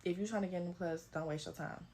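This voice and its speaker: A woman's voice: on the low side, steady tone, quick pace, warm tone, slight background noise. A young woman, telling a blunt, profane story about her own experience straight to camera. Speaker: club dancer sharing her experience.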